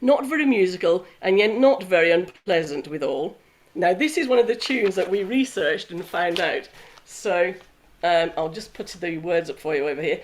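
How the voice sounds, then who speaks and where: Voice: medium pitch, lively intonation, moderate pace. A host reading from an old diary aloud and chatting casually, with frequent apologetic asides.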